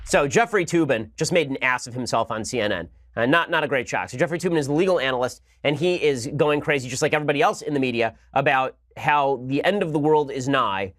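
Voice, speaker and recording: A man's voice: mid-range voice, a bit bright, dry recording, studio quality. A man hosting a show, delivering a sarcastic political commentary monologue. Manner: rapid-fire, sarcastic. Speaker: host.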